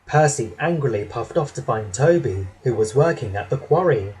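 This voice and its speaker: A man narrating a children's storybook in an expressive, unhurried way. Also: medium pitch, rough recording.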